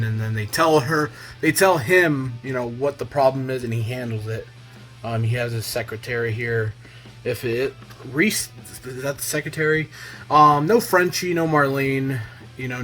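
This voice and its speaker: A man giving a casual, enthusiastic review in a vlog, talking loosely and filling pauses with "um" and "you know.". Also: medium pitch, a bit bright. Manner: enthusiastic, loose, heavy on fillers. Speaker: comic book reviewer.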